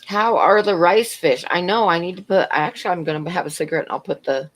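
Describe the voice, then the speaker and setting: A woman's voice: fairly low pitch, quick pace. A middle-aged woman rambling through a story on her livestream and answering chat in between. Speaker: livestream host.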